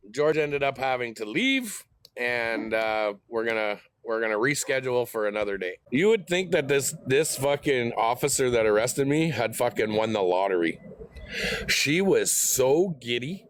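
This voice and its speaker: A man's voice: mid-range voice, animated, a little slow, slight background noise. A middle-aged man, telling a heated, profane story in a casual vlog rant. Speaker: host.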